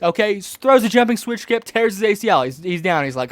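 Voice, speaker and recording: A young man in his twenties rambles through a fight recap in a high, light voice, stumbling and restarting mid-sentence and now and then bursting into mocking outbursts. The sound is dry and close, with no room around it. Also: a little fast, no room sound. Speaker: streamer recapping a fight event. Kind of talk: casual rambling commentary.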